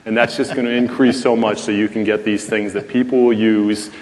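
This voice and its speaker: A man speaking as a panelist, explaining in a steady, enthusiastic way. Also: fairly low pitch, a little fast. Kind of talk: panel discussion answer. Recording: reverberant hall.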